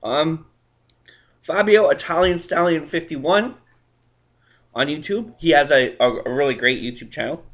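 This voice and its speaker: Man, interviewer, encouraging, bright tense tone. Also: fairly high pitch, lively intonation, highs cut off. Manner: agreeable, encouraging, quick backchannels. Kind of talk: casual interview.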